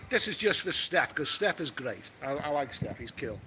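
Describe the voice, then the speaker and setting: A man's voice: a little high, big pitch swings, moderate pace, pushed and bright, a little hiss or hum, poor audio. A man doing a rambling live-stream chat, reading out and answering viewer comments by phone from an outdoor beach cafe. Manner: chatty, rambling, repeats himself. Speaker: travel vlogger.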